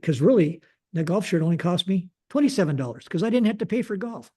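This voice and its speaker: A man's voice: high-pitched, expressive, fast talker, warm tone, breathy edge. An older man, a retired general, telling a long story as a podcast guest in a rambling, casual way, often saying "you know" and "like this".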